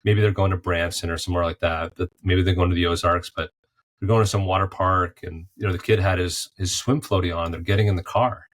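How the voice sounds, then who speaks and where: This podcast guest left professional golf to become an artist, and he muses conversationally on life using golf and faith analogies. His voice sits low with a steady tone, fairly quick, over slight background noise.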